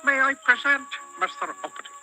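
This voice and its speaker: A man voicing a cheeky, mischievous male goblin in a husky, sing-song, teasing storybook voice. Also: extremely high pitch, expressive, fairly quick, over music, pitched above the performer's own voice, rough recording.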